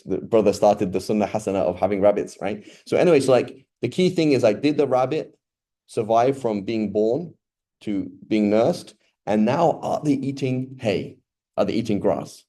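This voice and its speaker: A man teaching an informal religious lesson in a mosque, chatty and animated, often asking the audience questions. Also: medium pitch. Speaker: teacher giving a talk in a mosque.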